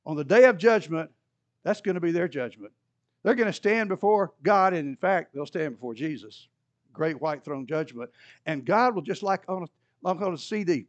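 A man preaching a sermon, animated, rising loud for emphasis and dropping low and quiet. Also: no echo, muffled recording.

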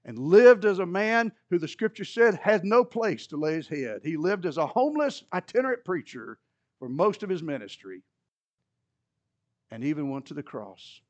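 Animated male pastor preaching a sermon. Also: on the high side, moderate pace, no echo, muffled recording. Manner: animated preaching with humorous asides.

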